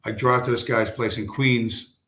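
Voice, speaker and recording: A man's voice: medium pitch, fairly even intonation, moderate pace, sharp tone. A man hosting a livestream, talking in a rambling, profane, storytelling way. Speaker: livestream host. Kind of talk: casual livestream monologue. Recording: roomy echo.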